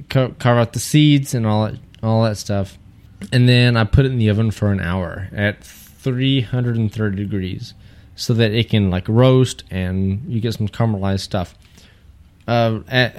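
A man's voice: fairly low pitch, darkish tone. A man in casual podcast chat, loosely explaining a homebrew recipe with jokes and restarts. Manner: loose and joking, with frequent restarts.

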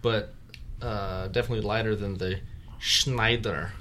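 Easygoing low-voiced man co-hosting a podcast. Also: fairly even intonation, unhurried, bright, forceful tone, a little hiss or hum. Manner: easygoing, jokey, trails off with fillers. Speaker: podcast co-host. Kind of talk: casual beer-tasting chat.

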